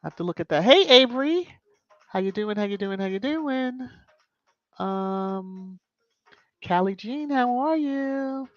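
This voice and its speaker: A woman's voice: mid-range voice, animated, measured pace, dry recording, highs cut off. A woman hosting a casual live stream, greeting viewers by name and making emphatic asides. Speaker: YouTube live-stream host. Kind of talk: casual live-stream chat reading comments.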